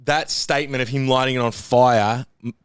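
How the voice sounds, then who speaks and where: A man co-hosting a podcast, retelling video clips in a quick, casual way with swearing and laughs. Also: medium pitch, steady tone, clear, resonant tone, dry recording, studio quality. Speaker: podcast co-host. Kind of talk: casual chat.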